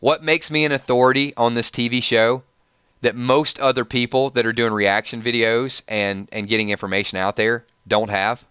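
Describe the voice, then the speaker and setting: Southern guy ranting on his livestream, bright punchy voice, dry close sound. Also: mid-range voice, fairly even intonation, moderate pace, smooth, dry recording. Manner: emphatic, gets fired up and rants to viewers. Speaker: YouTube channel host.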